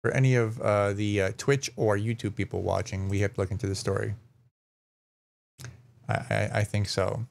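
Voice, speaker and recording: A man with a slightly low voice chats casually on a live stream. He reads news aloud and rambles, stumbling over names and swearing now and then. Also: little pitch movement, normal speed, creaky, pauses often. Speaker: streamer host.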